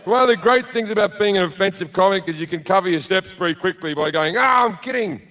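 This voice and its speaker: A man's voice: high-pitched, steady tone, fast, a bit bright. An Australian man doing a stand-up set on a theatre stage, telling a crude story in a laid-back way and acting out the quotes. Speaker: stand-up comedian. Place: large theatre stage with live audience.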